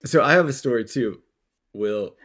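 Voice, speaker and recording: A young man, a guest on a podcast, calmly telling a school story and chuckling as he goes. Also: mid-range voice, normal speed. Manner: laid-back, chuckles as he tells a story. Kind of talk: casual chat, storytelling.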